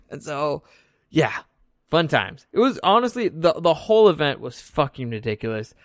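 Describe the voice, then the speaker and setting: A man's voice: a little high, very animated, moderate pace, no echo, studio quality. A young man casually recapping an event in a loose, joking way, swearing freely as he tells the story. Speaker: vlog host recapping an event.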